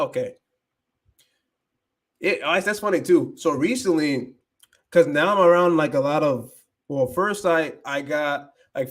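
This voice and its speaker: A young American man whose first language is English, hosting a casual livestream and switching between English and Spanish with many fillers and restarts. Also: on the high side. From United States. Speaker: livestream host.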